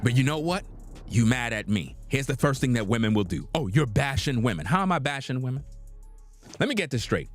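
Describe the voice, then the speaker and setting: A man's voice: mid-range voice, animated, fairly quick, faint music behind. A man giving blunt, preachy reaction commentary on a livestream, lecturing his audience in casual slang.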